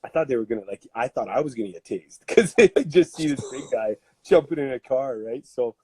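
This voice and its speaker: A Canadian man in his thirties, a podcast guest who tells stories in a loose, animated way, with lots of fillers and laughter. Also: mid-range voice, brisk. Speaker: podcast guest, strength coach. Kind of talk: casual storytelling.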